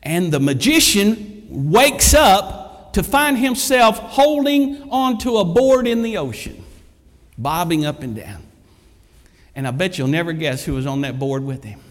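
A man's voice: sits high, big pitch swings, unhurried. A man, preaching a sermon and telling stories with lots of repetition for emphasis. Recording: echoey hall.

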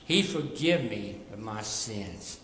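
A man's voice: fairly low pitch, expressive, takes it slowly, a bit bright, reverberant, long reverb tail, a little hiss or hum, voice pushed down, poor audio. A man voicing a forgiven Mary Magdalene. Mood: thankful.

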